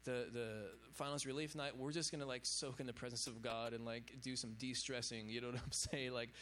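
A man's voice: mid-range voice, fairly even intonation, a little fast, a bit bright. A man preaching an informal sermon to young adults, chatty, with lots of casual fillers. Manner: casual, chatty, lots of fillers like "you know what I'm saying". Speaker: pastor.

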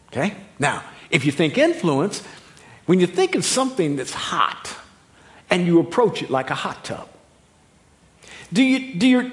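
A middle-aged man preaching a sermon, animated and humorous, swinging from loud high exclamations to quiet, low emphasis. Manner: humorous, laughing at own stories. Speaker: pastor.

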